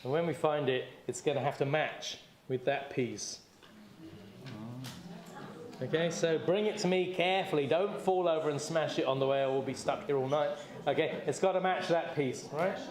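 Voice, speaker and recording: Male seder leader, fairly high voice, chatty and encouraging, echoey room. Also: moderate pace. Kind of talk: leading a group seder. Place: community hall or synagogue.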